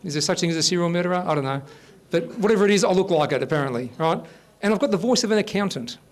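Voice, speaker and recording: A man's voice: sits high, rapid-fire. Aussie man in his fifties doing stand-up. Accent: Australian. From Australia. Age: 50s. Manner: deadpan storytelling with blokey banter. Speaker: host and stand-up comedian. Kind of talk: stand-up comedy set. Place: live comedy stage.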